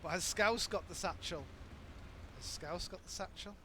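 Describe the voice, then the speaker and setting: Man, live game commentator, excitable play-by-play, self-correcting, slightly high voice, gunfire in background. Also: normal speed, background noise. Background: game gunfire and ambience.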